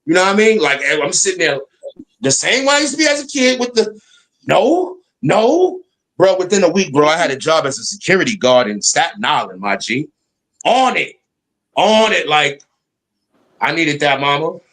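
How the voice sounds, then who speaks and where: A man's voice: on the high side, very animated, fairly quick, a bit bright. A man co-hosting a live stream panel, telling stories in casual, slangy, profane chat and acting out the voices he quotes.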